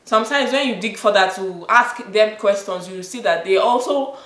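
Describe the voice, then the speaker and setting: A woman's voice: medium pitch, normal speed, a bit bright. Emphatic Nigerian woman guest, mid voice. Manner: storytelling, emphatic, laughs often. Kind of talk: casual chat. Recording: roomy echo.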